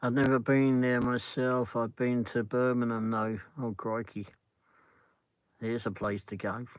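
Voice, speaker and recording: A man's voice: mid-range voice, little pitch movement, moderate pace, clear, resonant tone, dry recording, low-quality recording. A middle-aged English man hosting a casual livestream chat from a car on the drive home, rambling as he answers viewer comments. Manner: rambling, peppers talk with "flipping". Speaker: livestream host.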